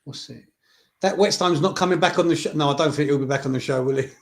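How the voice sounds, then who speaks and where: A man's voice: on the high side, fast. A man co-hosting a casual football fan call-in show, teasing and full of banter. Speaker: co-host.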